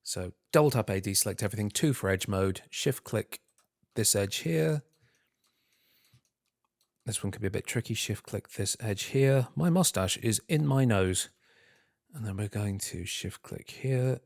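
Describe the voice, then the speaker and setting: Low-voiced man muttering through a tutorial. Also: lively intonation, unhurried, creaky, a little mellow, dry recording, studio quality. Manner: muttering to himself, humming filler syllables while working; self-deprecating, talking through steps. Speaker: tutorial host. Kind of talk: screen-recorded software tutorial.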